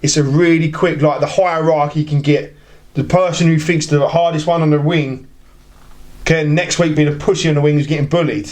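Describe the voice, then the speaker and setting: A man's voice: a little high, fairly even intonation, normal speed, a little mellow. A man telling rambling stories in a casual podcast chat, acting out other people's lines as he goes. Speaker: podcast guest.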